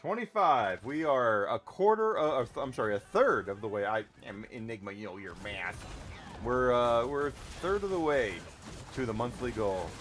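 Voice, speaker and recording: A man's voice: medium pitch, expressive, moderate pace, fairly bright tone, faint music behind. A man streaming a game live, chatting casually and thanking viewers as he plays.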